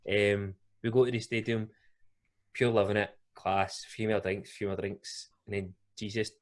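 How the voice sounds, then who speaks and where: Rambling, laughing Scottish storyteller. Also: male voice, lowish voice, level tone, unhurried. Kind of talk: casual storytelling.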